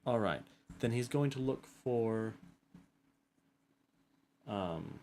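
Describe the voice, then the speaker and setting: A man playing a tabletop game who talks in halting starts, with many ums and restarts. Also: medium pitch, animated, darkish tone, slight background noise. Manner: hesitant, full of restarts and ums.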